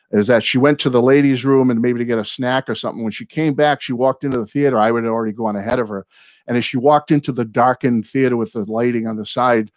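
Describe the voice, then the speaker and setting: An older man hosting his own live chat, greeting viewers and rambling excitedly through fan stories and thank-yous. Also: mid-range voice, no echo, clean studio sound. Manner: rambling, excitable, apologizes for going off on tangents. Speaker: host of a music fan channel.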